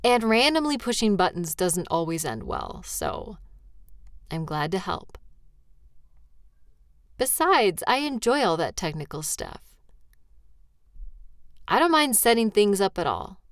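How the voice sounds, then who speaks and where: A woman's voice: medium pitch, sing-song, unhurried, pauses often, no room sound, studio quality. A woman in a comfort role-play who is tired and yawning, talking sleepily and reassuringly to a partner. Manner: sleepy, reassuring, playful teasing. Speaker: audio role-play performer.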